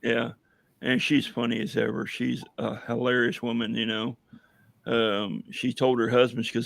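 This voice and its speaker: A hoarse man chatting casually on a livestream as a veteran guest, rambling with many fillers and telling jokes. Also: medium pitch, flat delivery, normal speed, no echo. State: hoarse, losing his voice. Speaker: veteran guest running a coffee business.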